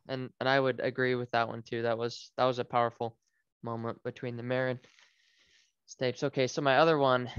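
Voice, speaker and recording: A man's voice: medium pitch, a bit bright, clear, resonant tone, no room sound, dull audio. A man co-hosting a book podcast, talking earnestly and with feeling, stumbling and repeating words. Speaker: podcast co-host. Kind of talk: casual book discussion.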